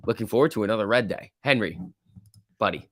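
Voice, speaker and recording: Ranting stock-stream host, dry sound. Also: male voice, lowish voice, animated, fast, fairly bright tone, no echo. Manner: ranting, blunt, frequent filler words. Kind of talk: casual live stream chat reading viewer comments.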